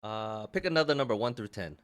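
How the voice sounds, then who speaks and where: A man's voice: lowish voice, expressive, a bit bright. Man in a wobbly fake British accent. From American South. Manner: halting, restarts often, laughs at himself. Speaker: podcast host. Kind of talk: casual podcast chat.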